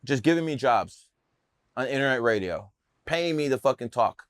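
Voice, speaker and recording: A man's voice: mid-range voice, expressive, normal speed, no echo. A man telling stories in a casual interview, brash, boastful and profane. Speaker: podcast guest telling his story.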